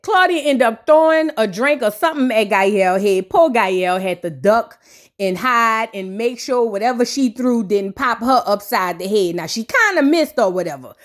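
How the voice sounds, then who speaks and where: Sassy high-voiced woman recapping. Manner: sassy, blunt, slangy, acts out the cast's quotes. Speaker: reality show reviewer. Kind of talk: casual recap with commentary.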